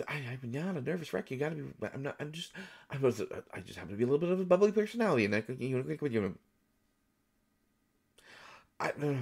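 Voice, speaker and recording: A man's voice: mid-range voice, gravelly, darkish tone, breathy edge. A man voicing a jittery, over-caffeinated male voice actor who stammers and repeats words nervously in an audio role-play.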